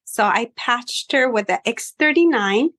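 A woman hairstylist telling stories about her clients, animated, acting out their voices, with many fillers. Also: on the high side, measured pace. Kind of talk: casual storytelling interview.

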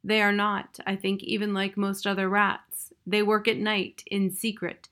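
A woman reading the lines of a wise, formal male owl in a grave, measured manner. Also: medium pitch, little pitch movement, fairly bright tone, close to an everyday voice. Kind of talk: audiobook reading.

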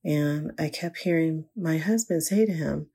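A woman's voice: deep voice, unhurried, mellow, slightly rough. An older woman, a grandmother, telling an earnest, reflective faith story about her grandson. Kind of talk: inspirational personal storytelling.

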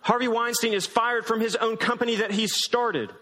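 A man's voice: very high-pitched, fairly even intonation, moderate pace, pushed and bright. A man pastor preaching a sermon in a conversational, emphatic way. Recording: long hall reverb.

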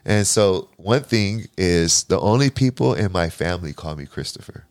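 A man in his forties shares his life story as a podcast guest, his voice sitting very low. He talks casually and animatedly, acting out his own past lines and swearing freely. The recording is close and dry. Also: moderate pace, no echo. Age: 40s. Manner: animated, profane, restarts and quotes himself.

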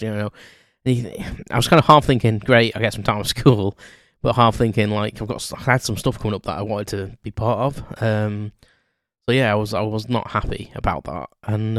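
A man's voice: lowish voice, dry recording, studio quality. A man hosting a podcast, telling a story in a rambling, chatty, self-deprecating way with lots of ums. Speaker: podcast host. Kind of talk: unscripted storytelling monologue.

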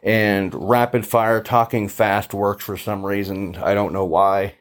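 A man with a somewhat low voice tells his story in a loose, chatty way, full of fillers. He jumps into the voices of the people he quotes. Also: little pitch movement, a little slow. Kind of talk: casual storytelling monologue.

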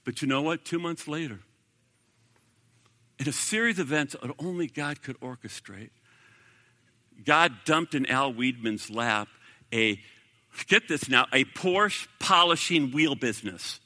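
A man preaching a sermon in a church, swinging from loud declarations to hushed, near-whispered prayer. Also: medium pitch, expressive, measured pace, pauses often. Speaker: pastor. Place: church sanctuary. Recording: echoey hall reverb.

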